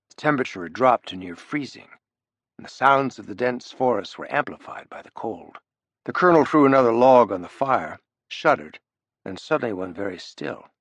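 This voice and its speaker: Gravelly husky male narrator. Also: mid-range voice, dry recording. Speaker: audiobook narrator. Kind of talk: scripted thriller narration.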